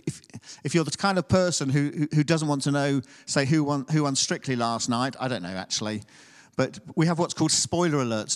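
A man's voice: medium pitch, long reverb tail. A man preaching a sermon, reading scripture and then talking conversationally, often asking the congregation tag questions.

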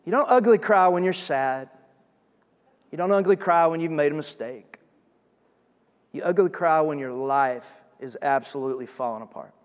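A man's voice: high-pitched, in a large hall. A male pastor preaching a sermon, telling the scripture story in a conversational way and acting out the scenes. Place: church sanctuary.

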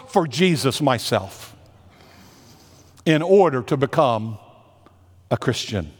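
A man's voice: mid-range voice, lively intonation, slow pace, long pauses, breathy edge. A man preaching a sermon as a senior pastor, earnest and emphatic, drawing out the words he stresses. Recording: long hall reverb.

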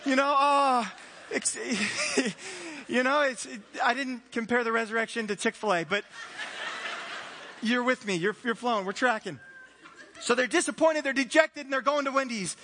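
A man preaching a sermon, telling the story in an animated way with playful asides and voiced characters. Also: very high voice, normal speed, long reverb tail, a little hiss or hum. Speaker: pastor.

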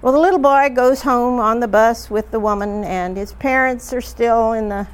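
A woman leading a group discussion, retelling stories in a chatty, halting way with frequent fillers. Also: on the high side, smooth. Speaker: discussion leader.

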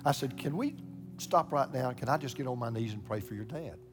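An older man preaches at his congregation, telling a personal story with lively energy, stumbling and repeating words as he gets worked up. His voice sits at an ordinary middle pitch, and guitar music plays clearly underneath him. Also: fairly quick. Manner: animated, repeats words when excited, acts out quoted voices. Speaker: pastor. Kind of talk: sermon storytelling.

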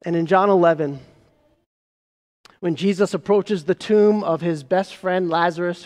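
A man preaching a sermon as pastor, emphatic, asking rhetorical questions and slowing down on key phrases. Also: high-pitched, a little mellow. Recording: long reverb of a large hall.

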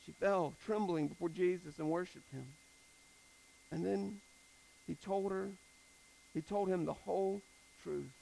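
A man preaching a sermon in a casual, animated style, repeating phrases for emphasis. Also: sits high, unhurried, creaky, long pauses, poor audio.

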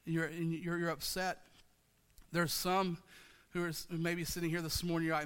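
A man's voice: a little high, level tone, brisk, fairly bright tone, smooth, long reverb tail. A man preaching a sermon as pastor, passionate and repetitive, calling out to his congregation in a church. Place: church sanctuary.

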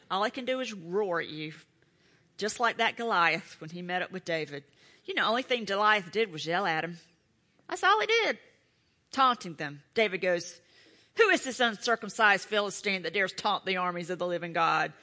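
A middle-aged woman preaching a sermon, emphatic and animated, with playful asides to her listeners. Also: fairly low pitch, normal speed.

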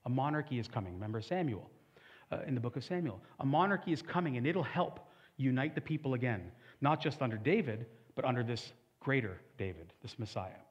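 A man's voice: mid-range voice, animated, fairly quick, breathy edge, highs cut off. A man preaching a sermon as a pastor, conversational with humorous asides.

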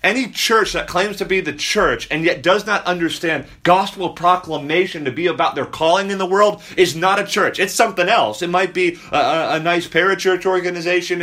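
Guy pastor preaching, kinda higher voice, repeats the big lines real slow so they stick. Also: sharp tone. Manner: repeats key lines slowly for emphasis, talks directly to children. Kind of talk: sermon.

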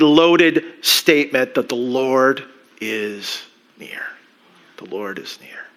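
Guy pastor giving a sermon, high voice, lots of restarts and side comments. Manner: animated, rambling with many restarts and asides.

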